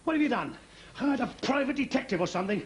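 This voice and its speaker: A man's voice: very high voice, animated, fast, a little hiss or hum. A ruthless, blustering businessman. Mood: furious. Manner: blustering, furious accusations. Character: ruthless scheming middle-aged businessman. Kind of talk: TV drama dialogue.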